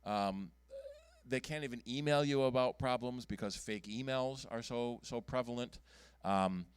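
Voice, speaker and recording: A man giving a casual talk at a computer club meeting, halting often with ums and restarts as he clicks through his screen. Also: mid-range voice, smooth, no room sound. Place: meeting room.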